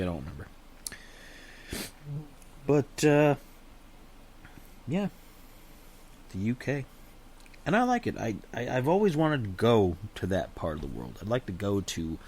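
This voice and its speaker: A man's voice: low voice, animated, unhurried, long pauses, a little mellow, slight background noise. A man chatting casually on his own show, rambling and unsure of himself, often hedging and restarting his sentences. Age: adult with a young daughter. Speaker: channel host. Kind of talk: casual solo chat.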